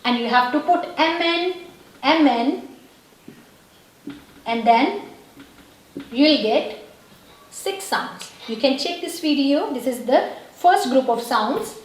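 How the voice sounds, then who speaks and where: A woman's voice: high voice, animated, takes it slowly, long pauses, very echoey, rough recording. A woman teaching a language lesson, patiently explaining and repeating words and checking in with her viewers. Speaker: French teacher.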